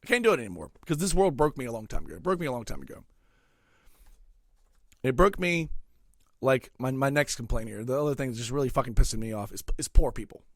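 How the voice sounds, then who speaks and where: Ranting man, swings to shouts. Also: medium pitch, expressive, fast, dry recording, clean studio sound. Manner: angry, swearing, swings from muttering to shouting. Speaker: comedic ranting host. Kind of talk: comedic rant monologue.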